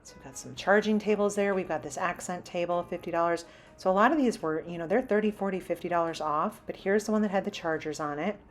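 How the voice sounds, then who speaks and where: A woman's voice: fairly low pitch, fast talker, faint music behind. A woman hosting a shopping vlog who walks through a large store and chats casually, reading out prices as she browses. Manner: chatty, lists prices while browsing. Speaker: shopping vlogger. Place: inside a large home improvement store.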